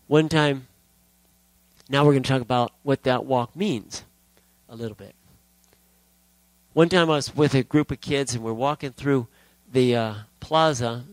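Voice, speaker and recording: A man's voice: medium pitch, dry recording, low-quality recording. A man preaching a sermon in a conversational storytelling way, quoting scripture as he goes.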